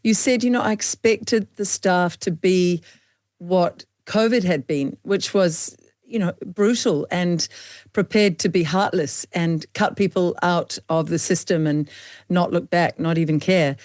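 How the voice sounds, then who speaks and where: A woman's voice: on the low side, measured pace, a little mellow, dry recording. A woman with a New Zealand accent interviewing a guest, encouraging him and drawing him out. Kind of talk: interview questions.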